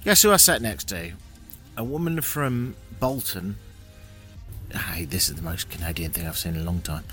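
A man's voice: low-pitched, fairly bright tone. A British man talking to camera while walking outdoors in a small mountain town, chatty and wry, swearing now and then, with earnest moments, faint music behind. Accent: British English. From Britain. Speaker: vlogger. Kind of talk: walking vlog monologue.

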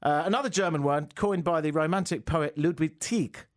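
Recorded with studio quality and no room sound, an English radio co-host in his twenties talks at a moderate pace in a slightly high voice. He's playful and jokey in the casual chat, stumbling over words from other languages.

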